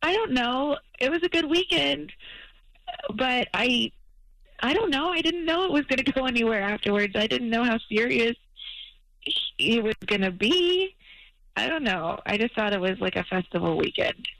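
A woman's voice: fairly high pitch, expressive, moderate pace, creaky, fairly bright tone, no echo, poor audio. A woman calling into a radio show, hesitant and giggly, trailing off as she explains herself. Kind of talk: phone call on air.

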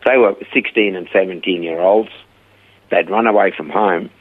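An older man with a low, slightly rough voice, a guest who founded a rehab centre, tells stories in an interview at normal speed. He retells them animatedly, voicing the quotes, and the audio sounds tinny like a phone line.

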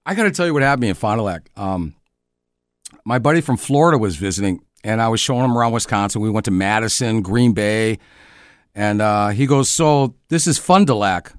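A man's voice: fairly low pitch, brisk, smooth, no echo. A middle-aged man, a former soccer player, telling jokey stories as a guest in a casual podcast chat. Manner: jokey storyteller with a dry, easygoing delivery.

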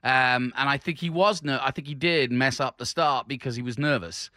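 A man with a bright, clear-edged voice chats casually on a motorsport podcast. He talks haltingly, pausing and restarting often, and likes to explain the rules at length. The sound is close and dry. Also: mid-range voice, no room sound. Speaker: podcast co-host.

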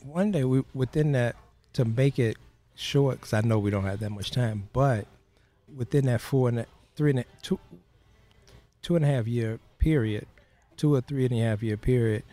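A man's voice: mid-range voice, moderate pace, dark tone. A man being interviewed as a guest, telling a personal story in an earnest, plain-spoken way and acting out the voices of people in it.

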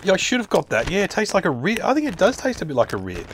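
A man co-hosting a casual taste-test chat, chatty and quick to get excited, often restarting his sentences. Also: high-pitched, background noise. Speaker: co-host.

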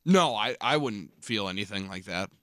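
A man's voice: on the low side, expressive, moderate pace, bright, forceful tone, dry recording, clean studio sound. A man co-hosting a casual podcast, wisecracking and brash. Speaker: podcast co-host. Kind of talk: casual chat.

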